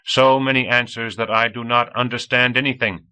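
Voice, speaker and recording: A man reading an audiobook, voicing a strange boy raised by aliens who asks excited, childlike questions. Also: mid-range voice, moderate pace, clear, resonant tone, pitched above the performer's own voice, natural voice. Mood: eager.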